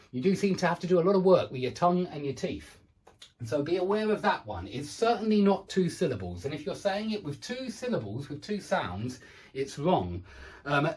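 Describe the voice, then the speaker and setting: A man teaching English pronunciation in an online lesson, a native speaker who drills words slowly and repeats them for practice. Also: a little high, darkish tone, a little hiss or hum.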